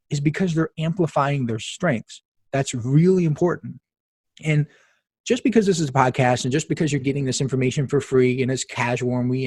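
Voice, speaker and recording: This male podcast host has a fairly high yet darkish voice with a breathy edge, captured dry. Casual and emphatic, he spins stories while stepping aside to address the audience.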